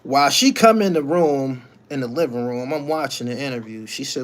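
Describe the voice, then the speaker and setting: A man's voice: mid-range voice, sing-song, a little fast, few pauses, fairly bright tone. A middle-aged man hosting a casual live stream, ranting bluntly and profanely with lots of energy.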